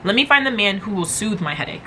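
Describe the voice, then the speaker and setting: A woman hosts a motivational podcast with a bright, clear tone at an ordinary pitch. She talks casually and encouragingly, repeating short phrases for emphasis. A faint hiss sits under her voice. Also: animated, quick pace, low-quality recording. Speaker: podcast host.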